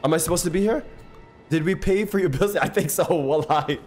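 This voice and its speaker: Excitable young-sounding male gaming streamer. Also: on the high side, a little fast, faint music behind. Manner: excitable, slangy, thanks viewers constantly. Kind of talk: casual live-stream chat while gaming.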